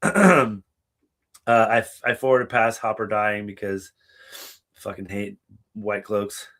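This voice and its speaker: Man, podcast co-host, casual profane chat, bright tone, quick impressions. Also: fairly low pitch, steady tone.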